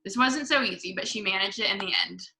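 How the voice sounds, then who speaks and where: Bright-voiced woman reading aloud. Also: mid-range voice, fast, vocal fry, low-quality recording. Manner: expressive with small slips. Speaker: book club reader. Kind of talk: reading a children's book aloud.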